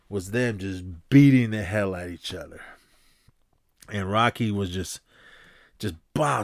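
A man hosting a podcast, casually retelling a movie fight with punch sound effects and quick impressions of the characters. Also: fairly low pitch, dry recording, clean studio sound. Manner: animated, acts out punches with sound effects and quoted lines. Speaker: podcast host.

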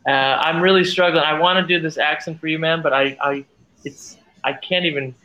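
Bright-voiced man telling rambling stories. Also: fairly high pitch, fairly even intonation, moderate pace, rough recording. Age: older. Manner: rambling anecdotes, playful. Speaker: podcast co-host. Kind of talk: casual chat.

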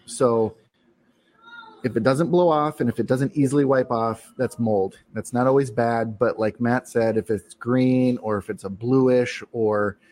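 A man co-hosting a casual talk show, explaining in a relaxed, matter-of-fact way. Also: medium pitch, a little slow. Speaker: podcast co-host. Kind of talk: casual chat.

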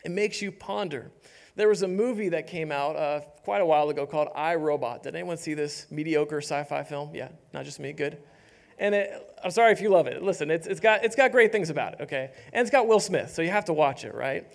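Young guy preaching, kinda high voice, animated, plays out the story voices for laughs. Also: a little fast, creaky. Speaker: pastor. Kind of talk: sermon.

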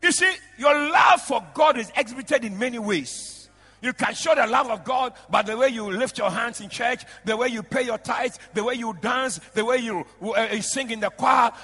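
A bishop preaching in a high, gravelly voice with a husky edge. He shouts out to his congregation and laughs along with them. The recording carries the long reverb of a big church hall. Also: normal speed. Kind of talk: lively church sermon. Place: large church.

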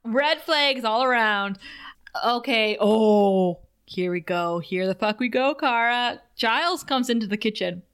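A woman podcast co-host giving an animated, casual episode recap and swearing freely. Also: fairly high pitch, measured pace, clear, resonant tone.

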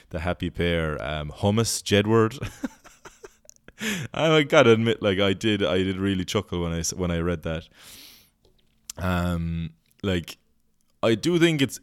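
Irish male podcast host, low and smooth, dry booth sound; loose comic rambler who swears freely. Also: no room sound. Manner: rambling, swearing, goofy put-on voices. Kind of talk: casual comedic monologue.

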